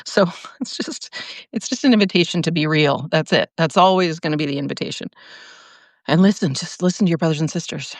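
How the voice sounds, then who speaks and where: A woman's voice: deep voice, fairly quick, no echo. A woman hosting a casual livestream, talking in a rambling stream of consciousness with restarts and frequent laughter. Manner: many restarts and fillers. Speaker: podcast host.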